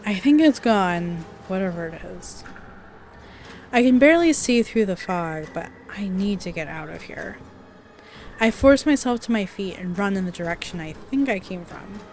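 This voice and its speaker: A woman's voice: mid-range voice, lively intonation, normal speed, darkish tone, slight background noise. A woman playing a visual novel, reading the story aloud with dramatic narration and dropping into casual asides. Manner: dramatic read-aloud broken by chatty asides and laughs. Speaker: let's play player.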